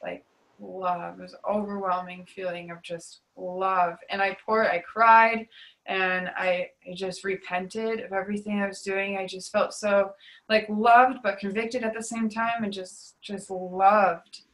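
Bright-voiced young woman telling her testimony. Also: mid-range voice, flat delivery, unhurried, rough recording. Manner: confessional, filler-heavy, drops to a hush on painful moments. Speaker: guest sharing testimony. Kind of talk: emotional personal testimony.

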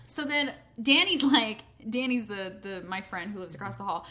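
A young woman chatting casually, telling an animated story, swearing freely and acting out what others said. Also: medium pitch, moderate pace. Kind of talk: casual chat.

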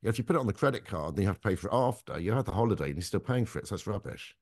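Very deep-voiced man grumbling about money. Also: expressive, dry recording. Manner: grumbling, rambling about costs, slow drawn-out asides. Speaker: podcast co-host. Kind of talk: casual banter.

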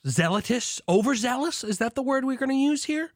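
A man hosts a beer podcast on his own, beer in hand. His voice runs high and leaps all over, from shouted preacher zeal to low muttered asides. The sound is dry and close, with almost no room. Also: lively intonation, brisk, no room sound. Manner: hyped, swings between shouting and low asides; swears, mock preacher zeal. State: drinking beer while talking. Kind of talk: excited solo podcast monologue.

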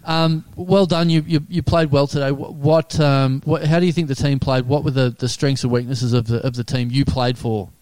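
A man's voice: medium pitch, steady tone, normal speed, hardly any pauses, darkish tone, no room sound. A man hosting a casual comedy podcast, teasing his guests with dry banter. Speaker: podcast host.

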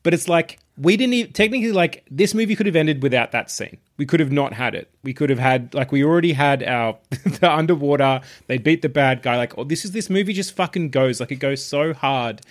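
A man co-hosting a podcast, talking in an animated, casual way and swearing freely. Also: fairly high pitch, brisk. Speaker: podcast co-host. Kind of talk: casual chat.

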